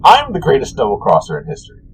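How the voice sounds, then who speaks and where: Trickster god, male, flippant and self-important, voiced by a man, animated delivery. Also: medium pitch, fast, a little hiss or hum, low-quality recording. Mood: smug. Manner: chatty, offhand, self-important.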